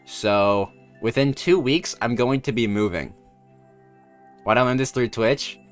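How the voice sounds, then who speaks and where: A man's voice: mid-range voice, measured pace, soft background music. A man chatting casually as a streamer in his room, laughing often and swearing freely while telling a story.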